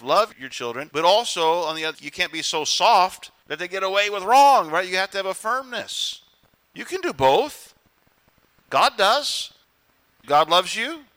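A man's voice: high-pitched, pushed and bright. A middle-aged man preaching a sermon as pastor, emphatic and conversational, now and then mimicking other people.

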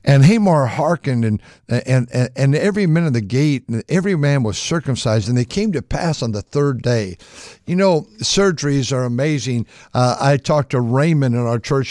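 An older man, a pastor, preaching a folksy sermon with frequent restarts, acting out quoted voices in a higher pitch. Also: normal speed, a little mellow, no echo, studio quality.

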